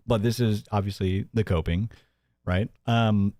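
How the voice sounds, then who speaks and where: Sarcastic laughing streamer, dry close sound. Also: male voice, steady tone, unhurried, warm tone, no echo. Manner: sarcastic, laughs often, mimics in a high voice. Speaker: commentary streamer host. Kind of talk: mocking live-stream commentary.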